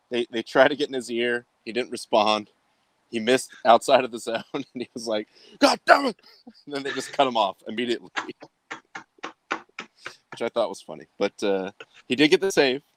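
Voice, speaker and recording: A man hosting a casual sports talk show, speaking in a rambling way with many fillers. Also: medium pitch. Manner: rambling, filler-heavy delivery.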